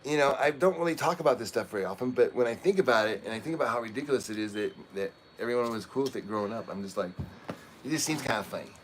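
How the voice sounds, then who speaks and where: A man's voice: mid-range voice, lively intonation, racing, slight background noise. A middle-aged man from Oregon, hosting a livestream and telling personal family stories in a casual, rambling way, chuckling through heavy topics. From Oregon, USA. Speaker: livestream host.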